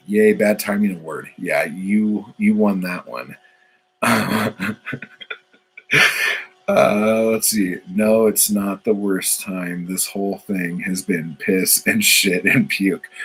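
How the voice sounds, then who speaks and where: Man, deep voice, unhurried, swearing a lot, rambling, faint hum behind. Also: low-quality recording. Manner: profane, meandering, lots of fillers. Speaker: poet. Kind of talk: casual rambling monologue.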